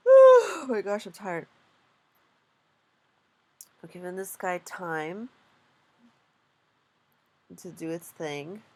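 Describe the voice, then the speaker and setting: A woman's voice: mid-range voice, huge pitch swings, extremely slow, pauses often, a little mellow. A young woman vlogging while day trading, rambling, swearing and laughing at herself in casual chat.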